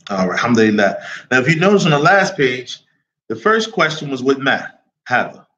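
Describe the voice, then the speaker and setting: A man's voice: mid-range voice, very animated, brisk, bright, forceful tone, muffled recording, a little hiss or hum. A man teaching an Arabic lesson who keeps checking on his class with repeated questions, reading phrases aloud and then explaining them in English.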